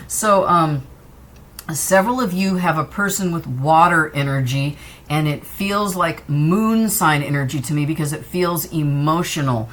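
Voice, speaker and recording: A woman's voice: mid-range voice, a bit bright. A woman doing a casual tarot reading, chatty and reassuring as she talks straight to the viewer. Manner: loose and wandering, jumps between cards. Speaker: tarot reader.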